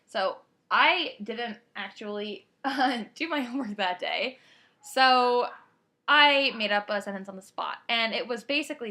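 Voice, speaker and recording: Energetic teenage girl vlogging. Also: a little high, measured pace. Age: teens. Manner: energetic, rambling, self-interrupting. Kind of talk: casual storytelling monologue.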